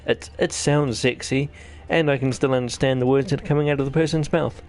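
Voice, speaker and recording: A man from New Zealand with a New Zealand accent, talking through his gameplay in a rambling, self-deprecating way. His voice sits at a middle pitch with a gravelly, fry-edged texture. Faint game music plays underneath. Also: fairly even intonation, fairly quick, a little mellow. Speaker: gaming channel host. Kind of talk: let's-play commentary.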